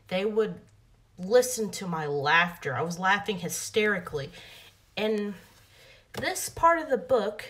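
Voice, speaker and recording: A young woman, a book vlogger, chatting casually in a rambling, expressive way. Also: lowish voice. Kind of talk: casual chat.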